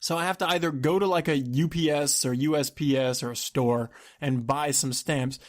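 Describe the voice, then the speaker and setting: High-voiced man ranting on a podcast. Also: moderate pace. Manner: exasperated, animated complaining with laughs and sudden outbursts. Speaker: podcast host.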